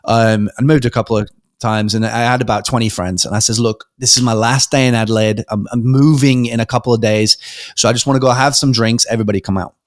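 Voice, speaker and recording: A man's voice: medium pitch, quick pace, no echo, clean studio sound. A young British man, a podcast guest, telling a personal story in a casual way, acting out the voices of others with many ums and restarts. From Britain. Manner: animated storyteller, acts out quoted voices, frequent ums and restarts.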